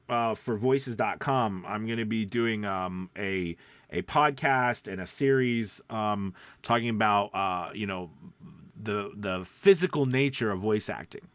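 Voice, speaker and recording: A man hosting a show for new voiceover artists, teaching in an energetic, chatty way with frequent fillers. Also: mid-range voice, dry recording. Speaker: voiceover coach. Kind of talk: upbeat teaching monologue.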